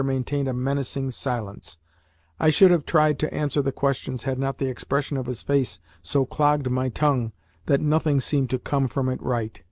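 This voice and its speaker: A man reading a novel aloud in measured, even scripted narration. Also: medium pitch, dry recording, studio quality. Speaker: audiobook narrator.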